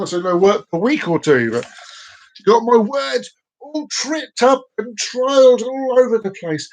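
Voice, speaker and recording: A man's voice: very high-pitched, normal speed, poor audio. A man hosting a live stream, chatting casually and telling a joke, rambling, repeating phrases and tripping over his words.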